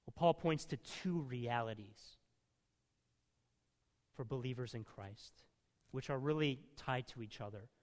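A man preaching a sermon, emphatic, swinging from loud stresses to quiet asides. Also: mid-range voice, unhurried, long pauses, big-room sound.

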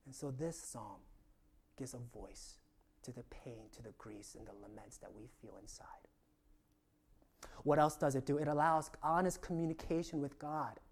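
A man's voice: medium pitch, fairly even intonation, normal speed, breathy edge. A male pastor preaching a sermon in an earnest tone, often letting phrase endings fall to a near-whisper.

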